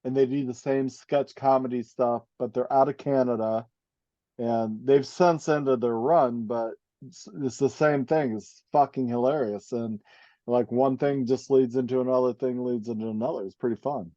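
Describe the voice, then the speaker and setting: A man's voice: mid-range voice, fairly even intonation, normal speed, warm tone, dry recording. A man co-hosting a podcast, chatting casually and agreeably about sketch comedy. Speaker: podcast co-host. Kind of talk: casual chat. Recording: dry, dull lo-fi mic.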